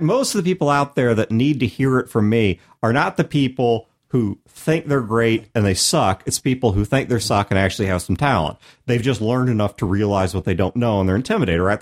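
A man hosting a podcast in casual chat, talking emphatically and laughing often, from Missouri. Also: mid-range voice. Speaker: podcast host.

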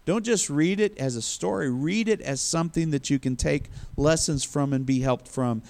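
A man's voice: a little high, moderate pace, creaky, a little mellow. A male preacher giving a sermon in a conversational storytelling manner. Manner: conversational storytelling, acts out quotes.

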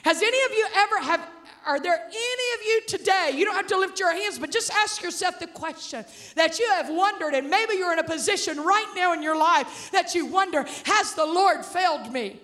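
A woman preaching a sermon, animated, acting out the voices of the story and calling out to the congregation. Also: very high voice, a little fast. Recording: reverberant hall.

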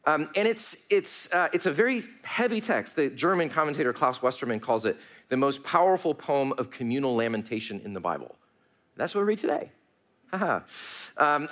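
A man preaching a sermon to his congregation, moving between raised pleading and hushed, low passages, calling his listeners friends. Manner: addresses congregation warmly as friends, uses y'all. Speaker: pastor.

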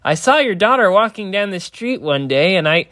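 A man's voice: sits high, very animated, normal speed, pushed and bright, dry recording, clean studio sound, voice pushed up, full character voice. A man doing a mild, earnest retired filmmaker.

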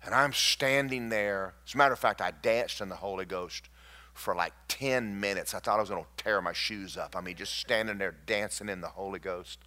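A man, a pastor telling stories in a sermon, emphatic and swinging between loud and hushed. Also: lowish voice, moderate pace.

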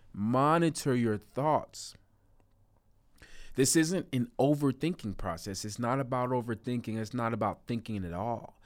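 A man giving a self-help talk to viewers in an earnest, coaching way, repeating key phrases and stretching words for emphasis. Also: medium pitch. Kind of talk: motivational talk to camera.

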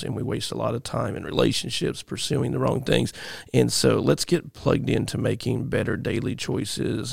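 Gravelly pastor. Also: male voice, medium pitch, no echo, clean studio sound. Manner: rambling, earnest, many fillers. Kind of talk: casual podcast chat.

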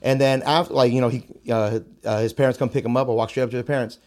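A man's voice: medium pitch, fairly even intonation, fast, darkish tone. A young man, a martial arts instructor, talking candidly in a casual conversation and telling stories from his teaching and fatherhood. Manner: candid, storytelling, repeats phrases.

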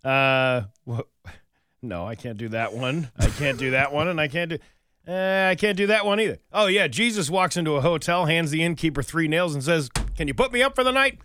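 A man's voice: fairly high pitch, moderate pace, fairly bright tone, clean tone, dry recording, clean studio sound. A man hosting a morning radio show, telling jokes and reading local news, often restarting his sentences. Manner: joke-telling, hesitant with restarts. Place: radio studio.

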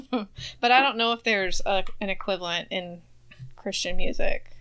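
A woman's voice: medium pitch, a little slow, a bit bright, clear, resonant tone. A woman co-hosting a podcast in casual chat, laughing often and teasing. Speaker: podcast co-host.

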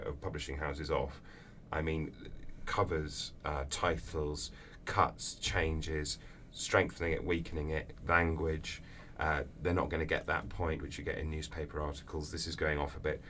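A man answering interview questions as an author, telling lively anecdotes with acted-out voices. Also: extremely low pitch, moderate pace, hardly any pauses. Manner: animated storyteller, acts out voices in anecdotes. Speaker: author guest. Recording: distant mic with faint background noise.

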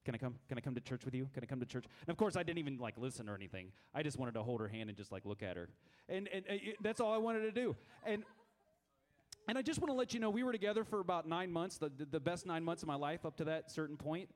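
A man in his thirties telling funny stories to a youth group, animated and self-mocking, with many stammered restarts. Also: a little high, quick pace. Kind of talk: lively storytelling talk to a youth group.

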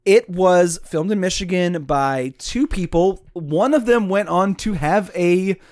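Guy co-hosting a podcast, fairly high voice, rambly and chatty, laughs a lot. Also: a little slow, a little mellow. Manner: laughing often, chatty, lots of fillers like "like" and "um". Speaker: podcast co-host. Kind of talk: casual chat.

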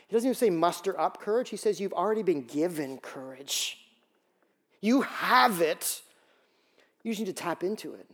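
High-voiced animated man preaching. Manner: animated storytelling, acts out quoted voices. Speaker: pastor. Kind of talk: sermon.

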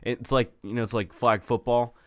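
A man casually chatting about a video game, swearing freely and breaking into loud mock rants. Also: mid-range voice, normal speed. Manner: profane, animated, bursts into loud mock rants. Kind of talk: casual gaming chat.

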